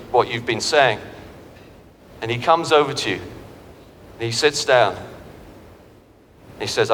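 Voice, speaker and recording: Bright-voiced man preaching in a chapel. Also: medium pitch. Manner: storytelling, animated preaching with vivid analogies. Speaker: pastor. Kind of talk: sermon. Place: university chapel. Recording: reverberant hall with faint background noise.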